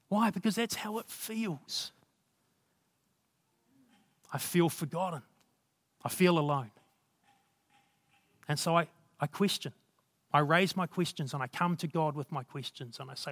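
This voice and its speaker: A man's voice: fairly high pitch, normal speed, long pauses, fairly bright tone, dry recording, studio quality. A man preaching a sermon in an earnest, conversational way, reading scripture aloud and reflecting on it.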